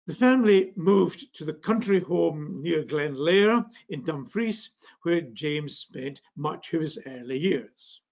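A man's voice: on the high side, animated, slow pace, a little mellow, lo-fi sound. An older man with a northeast Scottish accent giving a public science lecture, genial, with frequent fillers and restarts. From Scotland. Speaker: physics lecturer.

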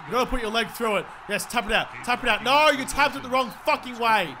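A young man commentating his own football video game, frustrated and profane, yelling at his teammates. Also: very high voice, fast, crowd noise. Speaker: gaming commentator. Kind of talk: swearing live gameplay commentary.

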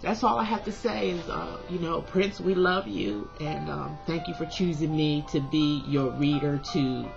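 A woman's voice: deep voice, normal speed, gravelly, few pauses, highs cut off, over music. A woman tarot reader in a vlog, ranting passionately and at length. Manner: passionate, rambling rant.

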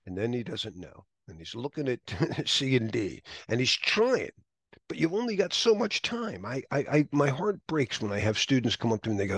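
A man's voice: mid-range voice, big pitch swings, brisk, vocal fry, husky, no room sound, clean studio sound. A man teaching an exam prep class in a chatty, anecdotal lecture style, often laughing.

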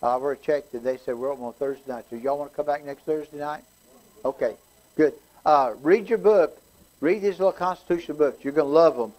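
A man's voice: on the high side, brisk, darkish tone, low-quality recording. A man leading a community constitution class, folksy and chatty with frequent restarts. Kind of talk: casual community class talk.

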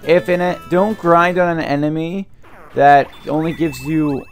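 A young man commenting on a video game as he plays, ranting angrily about his family and swearing, his throat sore from yelling. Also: on the high side, steady tone, a little slow, soft background music. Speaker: let's play host. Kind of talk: gameplay commentary.

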